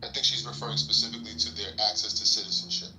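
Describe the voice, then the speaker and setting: Fast-talking man, calm pushback. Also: fairly low pitch. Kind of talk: political debate. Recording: echoey room with noise.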